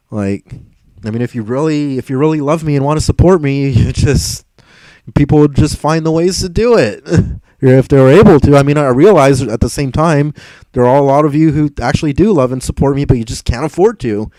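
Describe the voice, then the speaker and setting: Reading chat on his livestream, a young male host rambles casually and sounds exasperated, swearing freely and laughing between thoughts. His mellow, dark voice is medium in pitch at normal speed, recorded close and dry with no room sound, though the audio is poor.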